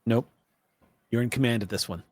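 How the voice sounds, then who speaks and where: A man's voice: mid-range voice, a little fast, darkish tone, no room sound, lightly acted. A man voicing a tough, blunt female camp boss who swears a lot. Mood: gruff.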